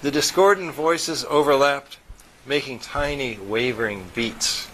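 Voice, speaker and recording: Brief: male audiobook narrator, steady and even, faint background noise. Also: medium pitch, moderate pace, low-quality recording. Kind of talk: science-fiction story reading.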